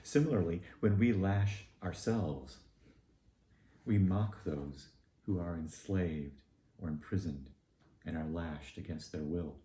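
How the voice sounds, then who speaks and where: Deep, dark-voiced man preaching. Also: takes it slowly, reverberant, a little hiss or hum. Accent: Southern US. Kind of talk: sermon.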